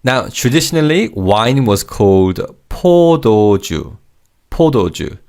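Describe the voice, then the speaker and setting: A man's voice: medium pitch, sing-song, normal speed, a little mellow. A man teaching vocabulary in a scripted lesson, patiently saying each word twice and praising the learner. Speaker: language teacher.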